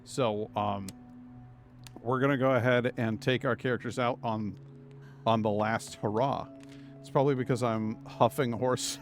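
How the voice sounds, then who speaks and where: A man streaming a game live, chatting casually and rambling through jokes and puns as he plays. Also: fairly low pitch. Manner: rambling, jokey, punning. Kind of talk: casual live gameplay commentary.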